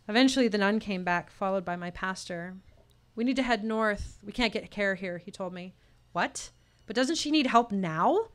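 A woman's voice: mid-range voice, expressive, moderate pace. A woman telling a personal story at a live storytelling showcase, voicing the people in it as she goes. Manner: personal story told with tense quoted dialogue.

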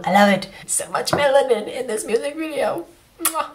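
A woman giving an excited, gushing live reaction to a music video, often cutting herself off. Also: high-pitched, moderate pace, slight background noise. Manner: gushing, excitable, self-interrupting. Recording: faint music behind. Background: faint music.

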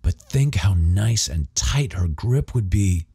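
A man's voice: low-pitched, expressive, takes it slowly, gravelly, dark tone, husky, heavily acted. A man voicing a cocky, crude teenage boy who teases his friends, in an audiobook. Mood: leering. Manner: smug, teasing.

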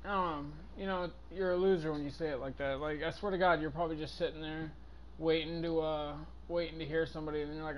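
A man's voice: on the high side, little pitch movement, fast, dull audio, a little hiss or hum. A man mocking a stranger in a game's voice chat, rambling and sarcastic. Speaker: streamer playing with strangers. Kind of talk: casual trolling game chat.

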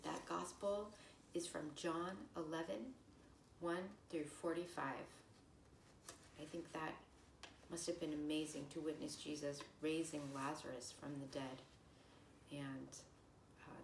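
A woman religion teacher reading scripture aloud slowly and carefully, then explaining it plainly to children with a few fillers. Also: deep voice, creaky, slight background noise. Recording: echoey room, voice from far off the mic.

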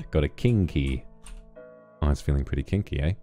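A man's voice: very deep voice, normal speed, soft background music. A man streaming a horror game, talking casually, swearing freely and yelping at jump scares. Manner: excitable, swearing, yelps at scares. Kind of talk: casual gameplay commentary.

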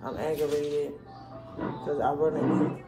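A woman's voice: low-pitched, steady tone, takes it slowly, over loud music. A woman in her forties chatting casually to her viewers at home and in the car. She rambles, talks straight to camera, and cannot open her mouth fully after tooth extractions. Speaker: vlogger and mother. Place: at home, later in a parked car.

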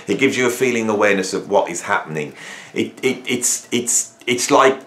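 A man's voice: lowish voice, normal speed, a little hiss or hum. Rambling man in an echoey garage. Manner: rambling, animated, repeats phrases and restarts. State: hot and sweaty. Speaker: drummer and producer talking to camera. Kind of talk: casual monologue to camera. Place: home garage.

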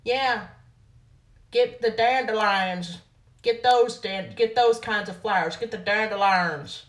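A loud, bossy figure in an exaggerated American country drawl, barking out orders to fetch flowers, as a woman puts it on. The voice is drawn out and pitched a little higher. It sounds slightly distant from the microphone. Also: slow, echoey room. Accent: put-on American country drawl. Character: country-accented person bossing someone to fetch flowers.

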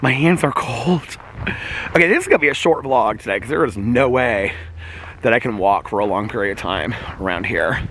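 A man's voice: medium pitch, expressive, fairly quick, fairly bright tone, a little hiss or hum, low-quality recording. A man chatting to his viewers while walking outdoors in the snow, exclaiming and laughing often, recorded on a phone. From Indiana, USA. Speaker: vlogger. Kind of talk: casual walking vlog.

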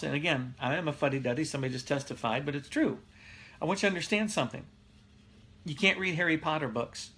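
Bright-voiced pastor, casual and chuckling. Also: male voice, a little high, husky. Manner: laughs often, reads viewer comments aloud. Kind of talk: casual live-streamed Bible teaching.

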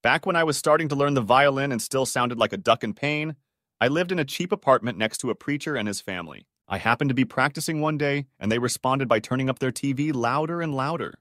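A man narrating a string of short online stories in a steady, scripted reading voice. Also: mid-range voice, fast talker, no room sound, clean studio sound.

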